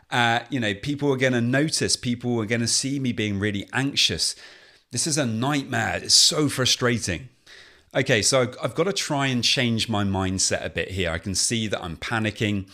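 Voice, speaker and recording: A man's voice: fairly low pitch, fairly bright tone. A man acting out the inner monologue of an anxious, frustrated man going back to work after time off. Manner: self-talk monologue, restless, exasperated. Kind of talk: illustrative role-play monologue.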